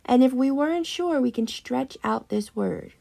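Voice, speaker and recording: A woman teaching an early reading lesson to young children, patient and slow, drawing out words as she models them. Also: sits high, lively intonation, vocal fry, mellow.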